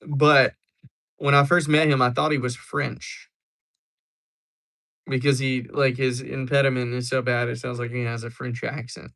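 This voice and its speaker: A man's voice: mid-range voice, level tone, unhurried, creaky, pauses often, fairly bright tone. A young man hosting a livestream, chatting casually and joking as he answers viewers. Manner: joking, rambling replies to chat. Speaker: livestream host.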